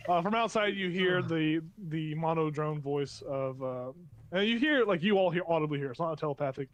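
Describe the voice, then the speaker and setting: Meandering man narrating as game master. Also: fairly high pitch. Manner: loose, meandering scene description.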